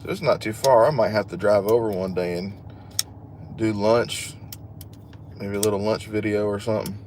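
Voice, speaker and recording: A man's voice: on the low side, steady tone, moderate pace, a little mellow, a little hiss or hum. A man hosting a casual livestream, chatting with viewers and joking at his own expense. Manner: chatty and joking, laughs at himself. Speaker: livestream host. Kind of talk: casual live chat, reading viewer comments.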